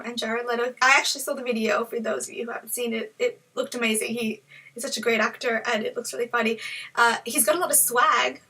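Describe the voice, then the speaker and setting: A woman's voice: a little high, a bit bright, slightly rough, recorded from a distance, rough recording. A young woman vlogging in a casual, joking way and giggling between thoughts. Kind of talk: casual chat.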